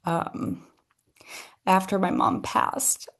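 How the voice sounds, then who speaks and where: A woman's voice: mid-range voice, flat delivery, drawn-out words, fairly bright tone. Woman hosting her own podcast; reflective, emotional, hesitant delivery with restarts. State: tearful at moments. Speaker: podcast host. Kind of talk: personal reflective monologue.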